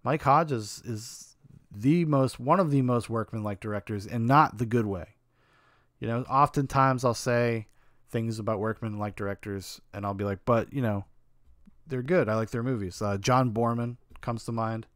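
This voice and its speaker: A man's voice: mid-range voice, moderate pace, a bit bright, dry recording, studio quality. A man hosting a podcast, giving a casual and frank film review in a rambling, opinionated way with some swearing.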